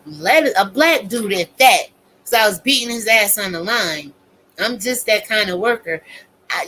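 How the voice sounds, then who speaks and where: A woman's voice: medium pitch, fairly bright tone, a little hiss or hum, rough recording. A woman in her fifties ranting casually to her viewers, blunt and emphatic, cursing heavily. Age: 50s. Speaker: vlogger. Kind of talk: profane casual rant.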